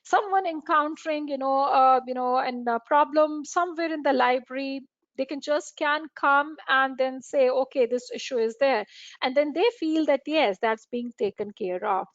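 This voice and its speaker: A woman's voice: high voice, normal speed, no echo, lo-fi sound. A woman giving an earnest webinar lecture to librarians, repeating phrases for emphasis and using many fillers. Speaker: webinar speaker on library services. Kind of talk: lecture over slides.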